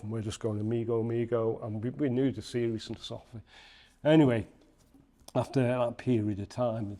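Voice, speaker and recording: A man from Liverpool with the city's accent speaks in a slightly rough, mid-range voice. Guesting on a podcast, he tells a story in casual conversation with animation, acting out the voices in his quotes.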